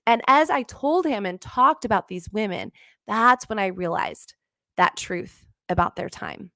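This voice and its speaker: A woman's voice: mid-range voice, lively intonation, measured pace, a bit bright, no room sound. Earnest middle-aged woman host for a faith-based podcast monologue, storytelling tone, mid-range voice, dry booth sound. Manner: earnest storytelling, acts out her own past lines. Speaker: podcast host and business coach.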